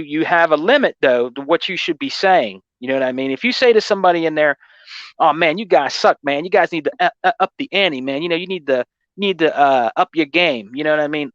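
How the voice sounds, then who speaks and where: A man's voice: a little high, a bit bright, no room sound, lo-fi sound. A man hosting a gaming channel, telling a story in casual chat, rambling and often repeating "you know what I mean" and "man".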